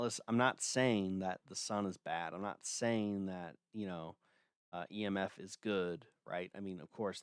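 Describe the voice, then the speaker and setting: Blunt low-voiced man ranting. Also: clear, resonant tone, no room sound, clean studio sound. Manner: blunt and dismissive, with filler words. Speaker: livestream host. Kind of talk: casual ranting livestream.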